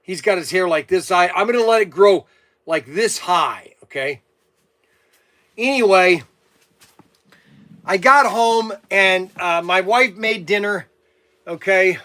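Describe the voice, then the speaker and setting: A man's voice: sits high, slow pace, pauses often, bright, forceful tone. A man hosting his hobby channel, telling a meandering story in a casual monologue with grumbling asides. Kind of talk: casual rambling monologue to camera.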